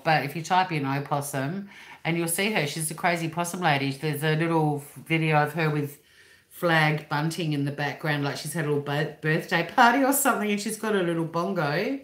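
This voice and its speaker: A woman's voice: low voice, fairly quick. An Australian woman in her fifties, hosting a livestream from home in a rambling casual chat and swearing freely. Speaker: livestream host. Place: living room at home. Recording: roomy echo.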